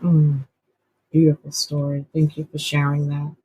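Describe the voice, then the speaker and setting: Breathy, even-toned woman host. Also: low voice, measured pace, rough recording. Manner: gentle, appreciative response. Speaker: podcast host. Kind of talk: conversational interview.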